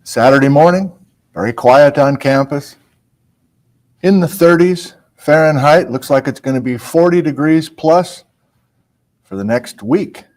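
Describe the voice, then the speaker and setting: A man's voice: fairly high pitch, a little slow, a little mellow. A man hosting a live-streamed program, chatting casually, greeting viewers and reading out their hometowns, with frequent fillers and asides. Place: small indoor room on a college campus.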